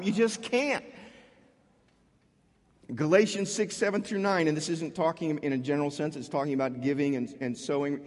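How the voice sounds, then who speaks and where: A man preaching a sermon as a pastor, talking in a conversational way with frequent restarts and animated asides. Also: on the high side, normal speed, long reverb tail.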